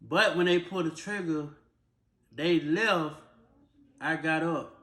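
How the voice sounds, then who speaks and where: Man calmly retelling a painful story. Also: on the high side, roomy sound. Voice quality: casual, plain-spoken, drawn-out retelling. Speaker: vlogger. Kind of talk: personal story time.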